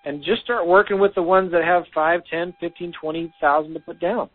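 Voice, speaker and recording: A man's voice: fairly high pitch, steady tone, moderate pace. A man co-hosting a casual business talk, giving practical advice with frequent "um" fillers, heard over a phone line. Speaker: podcast co-host.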